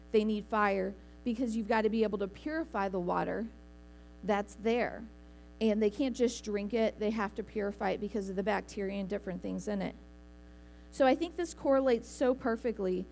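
A woman's voice: medium pitch, a little mellow, a little hiss or hum. A woman preaching a Sunday sermon in a church, speaking earnestly and conversationally with small restarts. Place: church sanctuary.

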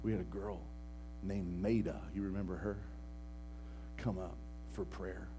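A man preaching a sermon as pastor, moving between hushed, near-whispered lines and loud, shouted storytelling. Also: sits low, steady tone, unhurried, background noise.

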